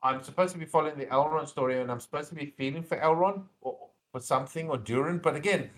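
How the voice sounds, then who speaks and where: A podcast co-host with a fairly high, fast voice rambles through his opinions in a casual chat, hesitating on fillers and restarting sentences. When he pushes back on a point, he grows more insistent and emphatic.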